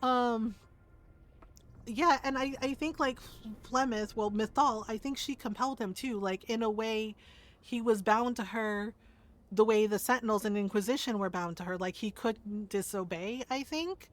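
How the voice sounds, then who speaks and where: A woman's voice: fairly high pitch, moderate pace. A woman streamer in casual commentary, ranting emphatically and swearing a lot. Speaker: game streamer.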